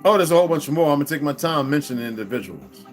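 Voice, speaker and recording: A man delivering a profane, confrontational ranting monologue as an online commentator, swinging from loud outbursts to low mutters. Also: lively intonation, very fast, soft background music.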